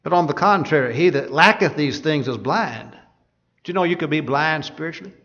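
A man's voice: fairly high pitch, animated, brisk, a bit bright. A man preaching a sermon, reading scripture aloud and asking his listeners rhetorical questions. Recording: dull lo-fi sound.

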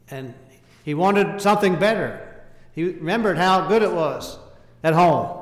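A preacher's fairly high voice carries through a roomy hall with a long reverb tail as he delivers a sermon. He presses each point in short, earnest, emphatic phrases, his volume rising and falling, and shifts into King James wording when quoting scripture.

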